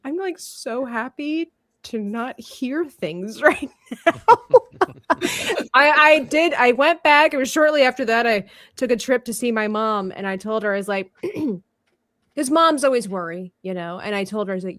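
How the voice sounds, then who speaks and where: A woman's voice: a little high, a little slow, no echo. A woman hosting a live art stream, chatting casually and telling stories with frequent laughter. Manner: bubbly, laughs often, animated storyteller. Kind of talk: casual chat.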